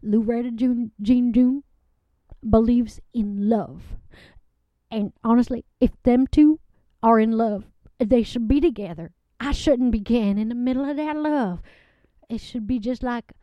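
A woman's voice: on the high side, dry recording, natural voice. A woman doing a giddy lovestruck gal. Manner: rambling, gushing, tearful, dialect-heavy. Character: folksy lovestruck Southern woman, giddy and emotional. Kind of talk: improvised comedy character bit. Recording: dull lo-fi recording.

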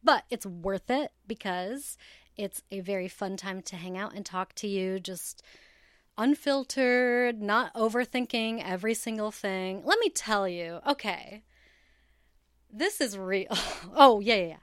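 A woman hosting her own podcast, chatting in a bubbly, friendly way and laughing often. Her voice is smooth and clear, at a middle pitch. The recording is dry and close, with no room sound. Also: unhurried, no echo. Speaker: podcast host. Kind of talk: casual solo podcast chat. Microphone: headphones with cable, home recording setup.

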